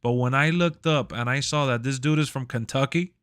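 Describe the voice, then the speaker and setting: A relaxed male streamer chatting casually on a live stream, rambling along in slangy talk. His voice is smooth and clear at a middle pitch, and the sound is dry and close to the mic. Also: a little fast, dry recording.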